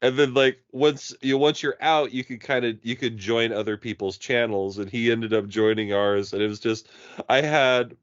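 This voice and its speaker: Animated storytelling man, muffled lo-fi mic. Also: medium pitch, normal speed, hardly any pauses, smooth, dry recording. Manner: animated storyteller, puts on mock British and Aussie voices. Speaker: podcast co-host. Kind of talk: casual chat.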